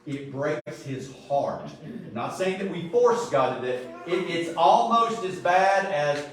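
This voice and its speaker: A man's voice: on the high side, lively intonation, slow pace, distant mic. Man teaching Bible study in echoey room. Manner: conversational, joking asides, acts out little scenes. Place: church room.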